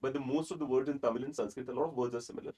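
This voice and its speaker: Man, indian accent, interview host, fast talker, husky voice. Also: medium pitch, fairly even intonation, mellow, low-quality recording. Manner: eager, explains at length. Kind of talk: casual interview chat.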